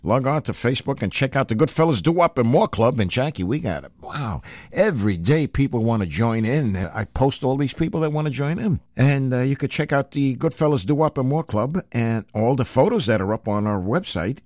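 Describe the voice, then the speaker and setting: A man's voice: mid-range voice, brisk, dry recording. An older man hosting an oldies radio show, talking casually and loosely between records in a studio, with many fillers. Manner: lively, rambling, filler-heavy.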